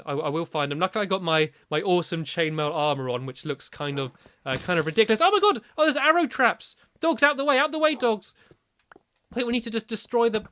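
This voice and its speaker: A man giving casual Minecraft let's-play commentary, excitable, breaking into yelps and squeals when panicked. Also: high-pitched, slight background noise. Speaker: gaming video host.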